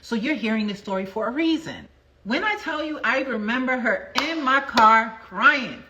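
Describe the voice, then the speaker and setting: A woman's voice: on the high side, lively intonation, normal speed, background noise. A woman in her forties, a manifestation coach, telling a story in a chatty, emphatic livestream talk and repeating phrases for effect. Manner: chatty storytelling with asides to viewers.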